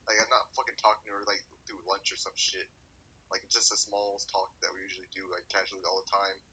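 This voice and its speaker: A man's voice: deep voice, flat delivery, brisk, pushed and bright, husky, poor audio. A man co-hosting a podcast in casual chat, telling a rambling, profane story full of "like". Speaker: podcast co-host.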